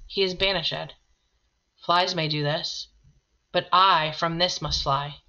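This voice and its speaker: A desperate banished young lover crying out in anguish, as a woman reads him aloud in a bright, forceful voice. It is heard on dull, lo-fi audio. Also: on the low side, steady tone, slow, heavily acted. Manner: impassioned, anguished declaiming.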